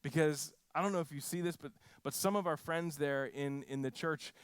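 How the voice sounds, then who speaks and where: Man, pastor, sermon, storytelling, restarts often, slightly high voice, dry close sound. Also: moderate pace, clean tone, dry recording. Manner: storytelling with frequent restarts and animated quoted voices.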